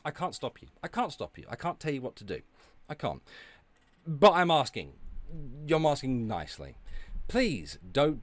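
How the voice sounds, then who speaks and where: A man's voice: medium pitch, fairly bright tone, dry recording. A man streaming, ranting and talking back to his chat, sweary and sarcastic. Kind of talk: ranting livestream commentary.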